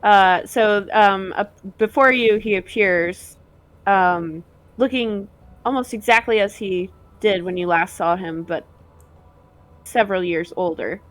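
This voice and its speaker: Brief: a woman running a tabletop game, unhurried delivery. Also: medium pitch. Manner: slow, halting narration with fillers. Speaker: game master.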